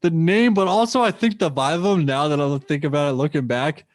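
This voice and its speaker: A man's voice: on the high side, fairly quick, no echo, studio quality. A young man, a comedian guest, casually telling a loose, profane story and acting out what people said.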